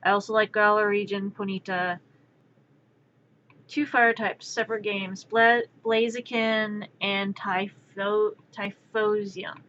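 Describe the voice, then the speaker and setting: A young woman streamer chatting casually, rambling into animated storytelling. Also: medium pitch, takes it slowly, lo-fi sound, a little hiss or hum. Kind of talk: casual chat while drawing. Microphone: streaming mic.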